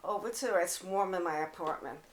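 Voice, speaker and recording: A woman leading a pilates workout at home, a little out of breath, calmly cueing moves and counting reps. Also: on the low side, quick pace, roomy sound, slight background noise, rough recording. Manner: calm counting and cueing while exercising. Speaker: pilates instructor. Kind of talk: guided workout instruction. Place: home apartment.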